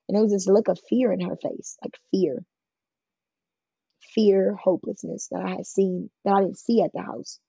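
A woman's voice: medium pitch, level tone, brisk, gravelly, dark tone, husky, dry recording, highs cut off. A woman from California, a guest telling her life story in an interview, speaking frankly and plainly with many fillers. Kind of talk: emotional personal storytelling in an interview.

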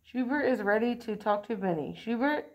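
A woman reading a children's picture book aloud in a clear, expressive and unhurried way. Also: fairly high pitch, dull audio. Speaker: storyteller.

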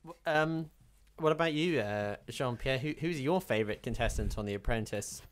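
A man hosting a film podcast, asking questions in a hesitant, polite, deadpan way. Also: medium pitch, moderate pace, clear, resonant tone. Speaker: podcast host. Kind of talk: deadpan mock interview.

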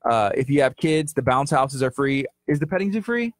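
A man co-hosts a live radio show from a studio, teasing his partner and laughing through easy banter. His voice sits at an ordinary pitch and sounds close and dry on the mic. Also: animated, fairly quick, dry recording. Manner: joking, teasing, chatty with laughs. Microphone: studio microphone.

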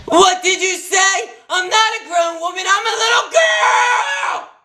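A man's voice: sits high, lively intonation, measured pace, noisy background. A man voicing a spoiled, bratty girl pop star who whines, demands, and throws screaming tantrums in a comedy sketch. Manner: whiny, demanding, bursts into shrieking tantrums.

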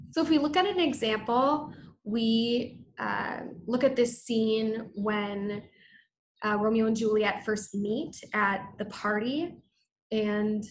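Slow, chatty woman lecturer. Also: medium pitch, slight background noise, poor audio. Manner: chatty, informal, frequent fillers and restarts. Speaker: community program coordinator. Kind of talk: online lecture.

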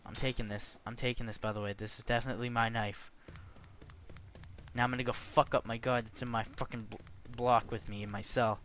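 A man giving profane let's-play commentary, swearing constantly and yelling at the game. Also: mid-range voice, flat delivery, brisk. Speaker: gaming commentator.

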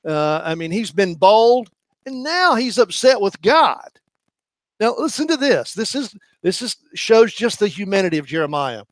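A man's voice: sits high, big pitch swings, moderate pace, dry recording. A man preaching a sermon, speaking earnestly and building to impassioned emphasis.

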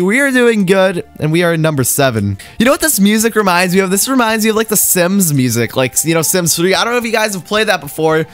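Excitable young man, high voice. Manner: excitable, yelps and laughs at mishaps. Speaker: gaming YouTuber. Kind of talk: excited gameplay commentary. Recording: faint game music underneath.

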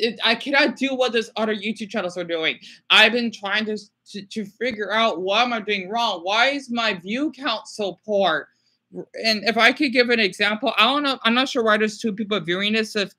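Stressed guy livestreaming, bright voice, stumbles and repeats himself a lot, keeps saying sorry. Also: high voice. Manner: halting, repetitive, apologetic. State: stressed and distressed. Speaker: small YouTuber livestreaming. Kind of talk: emotional live stream talk.

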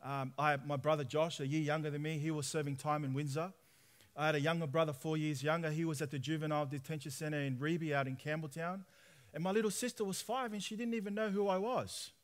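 A man, preaching a personal testimony sermon in lively storytelling style, acting out dialogue. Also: on the high side, quick pace. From Australia. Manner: animated storytelling, acts out dialogue with laughs.

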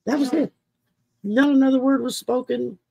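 Gravelly, husky woman telling stories. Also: high voice, fairly even intonation, normal speed, dark tone, no room sound. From Texas. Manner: chatty, laughs often while telling stories. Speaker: podcast host. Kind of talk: casual interview storytelling.

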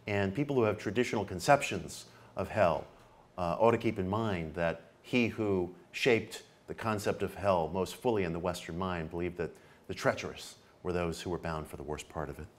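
Male lecturer with a low-pitched voice, earnest delivery that repeats phrases for emphasis, occasional fillers. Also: normal speed. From New York, United States. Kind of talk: public lecture.

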